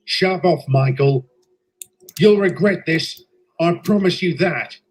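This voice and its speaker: A man's voice: fairly high pitch, slow. A man voicing a sullen, threatening male railway worker.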